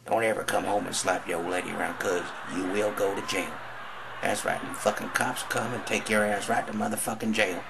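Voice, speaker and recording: Stand-up man, low gravelly drawl, live club noise behind. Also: fairly even intonation, fairly quick. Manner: drawling storyteller, voices characters in quotes. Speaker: stand-up comedian. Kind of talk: stand-up joke telling.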